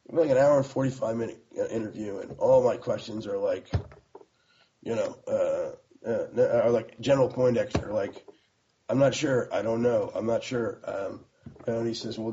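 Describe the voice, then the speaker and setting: A man's voice: medium pitch, mellow, lo-fi sound, a little hiss or hum. A middle-aged American man telling the story of starting his magazine in a casual, rambling way, full of fillers and restarts.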